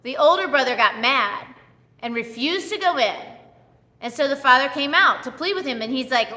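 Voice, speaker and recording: A woman's voice: sits high, lively intonation, moderate pace, pushed and bright. A woman pastor giving a sermon, telling a story with energy and acting out the characters' lines. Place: church hall. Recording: echoey church hall.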